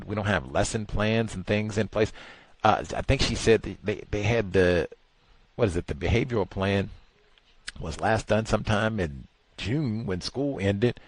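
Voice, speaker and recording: A man hosting a talk show, giving casual, exasperated commentary that swings from low mutters to incredulous high outbursts. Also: dry recording.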